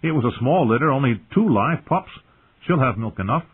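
A proud, eager teenage heir, played by a man lifting his voice. He speaks earnestly and insistently, with a husky edge. It all sounds thin and phone-like. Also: expressive, a little fast. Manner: earnest, insistent, raised pitch.

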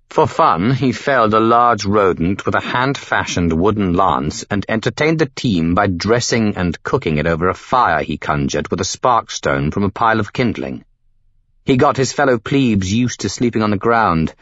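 Deep-voiced man reading a novel aloud. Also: fairly bright tone, no room sound, highs cut off. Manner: measured storytelling delivery. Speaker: audiobook narrator. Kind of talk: scripted narration.

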